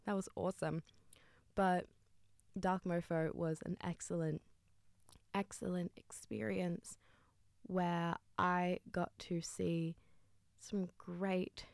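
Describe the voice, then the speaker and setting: An enthusiastic young woman hosting a radio show, chatting casually between tracks. Her voice sits a little low, and the studio sound is close and dry. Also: a little mellow, no room sound. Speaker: radio presenter.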